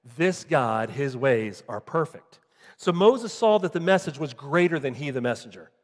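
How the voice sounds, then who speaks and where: A male pastor preaching a sermon, swinging from loud emphatic peaks to quiet low asides. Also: animated, moderate pace. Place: church sanctuary. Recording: long hall reverb.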